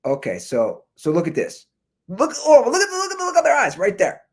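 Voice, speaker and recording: A man hosts his own show and rants about viral clips in a high voice that leaps all over the place. He is animated and jokey, and he cracks asides as he watches. He is recorded on a computer's built-in microphone. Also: a little fast, slight background noise. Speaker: podcast host. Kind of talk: ranting commentary on viral videos. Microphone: computer's built-in mic.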